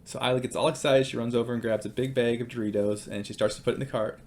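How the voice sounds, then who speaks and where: A man's voice: medium pitch, fairly even intonation, racing, a little mellow. A man in his thirties giving a casual devotional talk, telling stories about his children in a conversational way with fillers. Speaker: Christian speaker.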